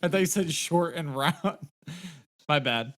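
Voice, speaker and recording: A man with a somewhat high voice chimes in on a casual podcast. He jokes irreverently and swears freely. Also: slow, a bit bright. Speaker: podcast co-host.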